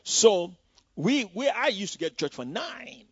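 A man's voice: high voice, very animated, unhurried, slightly rough, dry recording. A man from Nigeria, preaching a personal testimony in a loose, conversational way with many "you know" asides. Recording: dull, dry lo-fi recording.

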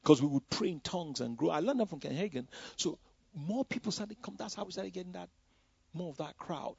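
A man's voice: high voice, lively intonation, a little fast, creaky, darkish tone, breathy edge, no echo. A man from Nigeria, preaching a personal testimony in a loose, conversational way with many "you know" asides. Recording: dull, dry lo-fi recording.

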